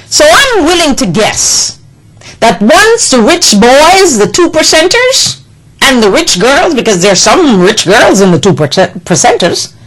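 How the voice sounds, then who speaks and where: A woman's voice: high voice, sing-song, measured pace, low-quality recording. A woman delivering an impassioned political monologue, indignant and scolding, with emphatic repetition. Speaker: political commentator.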